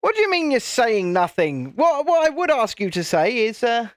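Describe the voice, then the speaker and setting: A man's voice: very high-pitched, wildly swooping pitch, normal speed, no room sound. A British man casually chatting and rambling with jokes while hosting a live building stream. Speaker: livestream host.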